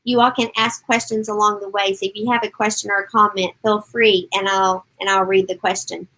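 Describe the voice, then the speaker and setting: A woman's voice: a little high, a bit bright, rough recording. A middle-aged woman coaching parents on a live stream, upbeat and encouraging, speaking directly to her viewers and answering their comments.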